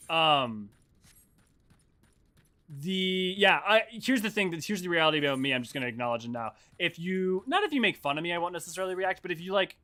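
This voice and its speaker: A man streaming a game and chatting casually about its lore, animated and self-deprecating, quick to react to his viewers. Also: sits high, soft background music. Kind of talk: casual live-stream commentary.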